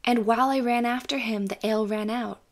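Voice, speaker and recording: A woman's voice: fairly high pitch, steady tone, a little fast, natural voice. A woman voicing a naive, cheerful young farm wife in a storybook reading, chattering innocently.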